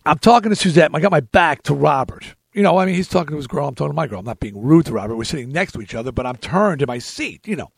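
A man hosting a podcast, telling a story in an animated, emphatic way. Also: fairly high pitch, fast, gravelly, few pauses, husky, no echo, studio quality. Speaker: podcast host. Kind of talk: storytelling chat.

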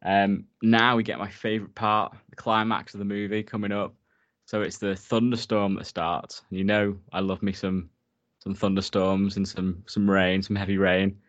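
A man with a lowish voice recaps a film in a loose, giggly way and swears freely. The recording is dull and lo-fi, with a dry, close sound. He talks casually, as if chatting with a friend. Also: level tone, moderate pace, fairly bright tone, no echo.

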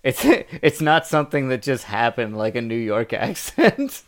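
A man's voice: mid-range voice, big pitch swings, unhurried. Laid-back man co-hosting a podcast. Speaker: podcast co-host. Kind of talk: casual chat.

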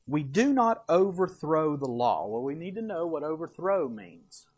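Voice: medium pitch, sing-song, measured pace, hardly any pauses, a little mellow, breathy edge. A preacher giving a verse-by-verse sermon with slides, emphatic, asking rhetorical questions and answering them, with folksy asides.

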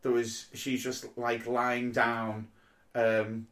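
A man, co-hosting a casual podcast chat, animated and laughing often, swearing freely. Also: medium pitch, slow. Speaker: podcast co-host.

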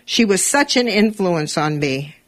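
A woman's voice: fairly low pitch, measured pace. A woman in her eighties hosting a live radio talk show, telling a personal story and lifting her voice when she quotes herself. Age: 80s. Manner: animated, voice rises when quoting herself. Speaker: radio host.

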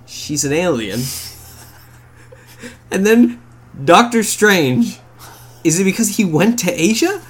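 A man co-hosting a podcast in casual chat, animated, swearing and laughing often. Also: sits high, slow, pauses often, breathy edge. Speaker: podcast co-host.

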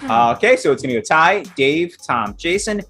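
A man narrating a tabletop role-playing game as game master, halting and full of fillers, often laughing. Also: fairly high pitch, very animated, a bit bright, breathy edge, faint music behind.

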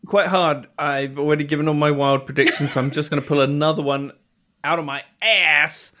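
An American man co-hosting a casual podcast chat, animated and joking. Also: on the high side, brisk. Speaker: podcast co-host.

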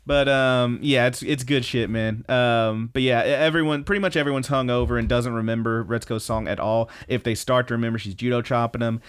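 A man co-hosting a podcast, recapping anime episodes in casual chat, animated and swearing freely. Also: mid-range voice, fairly quick, few pauses, clean tone. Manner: animated, profane, laughing storyteller. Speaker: podcast co-host.

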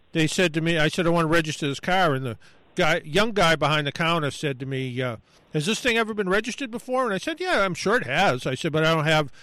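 A man with a slightly high voice spins a long, rambling story in casual chat, acting out every voice in the exchange himself. The sound is dry and close, with no room around it. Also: a bit bright, clean tone, no echo, low-quality recording. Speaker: guest storyteller. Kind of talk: casual anecdote on a talk show.

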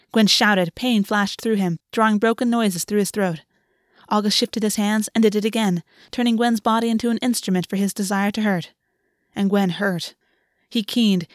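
A female audiobook narrator reads a fantasy novel from a script in a measured, steady voice of middling pitch. The recording is dry and close, with no room echo.

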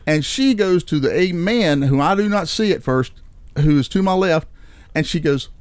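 A man's voice: fairly high pitch, normal speed, clear, resonant tone, no echo. A middle-aged man, a regular guest, telling a story in casual chat and acting out what he said with rising emphasis. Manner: animated, acts out his own lines with rising emphasis, repeats "I said". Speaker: recurring podcast guest, storyteller.

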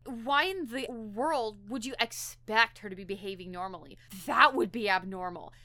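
A woman co-hosting a podcast, recapping a TV episode in animated, talkative chat with lots of "like" and restarts. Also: mid-range voice, moderate pace, no echo. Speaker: podcast co-host.

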